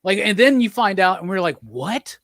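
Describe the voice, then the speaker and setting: A man's voice: high voice, fast talker, a bit bright, no room sound, studio quality. An American man hosting a live chat show, joking around in a loose, chatty way. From United States. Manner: joking, chatty, swears casually. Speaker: show host. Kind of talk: casual chat on a live stream.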